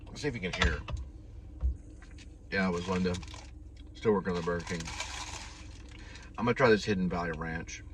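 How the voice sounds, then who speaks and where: A man's voice: deep voice, fairly quick, long pauses, a bit bright. A man who drives food deliveries, rambling casually and talking while he chews, from a parked car. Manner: rambling, talks while chewing. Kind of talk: casual eating vlog. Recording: distant, noisy car recording.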